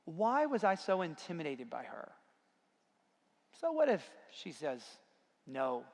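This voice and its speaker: A man with a slightly higher voice and a gravelly edge tells a self-deprecating story to a conference audience. His voice carries a long reverb from a large hall. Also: wildly swooping pitch, takes it slowly. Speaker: conference speaker. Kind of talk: storytelling talk.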